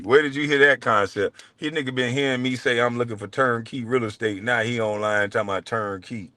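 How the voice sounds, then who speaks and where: A middle-aged man hosting his show, ranting in a blunt, profane way and swinging between low mutters and loud outbursts. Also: fairly even intonation, a little fast, hardly any pauses, dry recording. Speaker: show host. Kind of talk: heated livestream rant.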